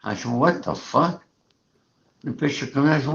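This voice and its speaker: A man's voice: medium pitch, lively intonation, moderate pace, vocal fry. A man hosting a casual chat, telling a rambling, profane story and acting out the dialogue he quotes. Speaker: show host. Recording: muffled lo-fi audio.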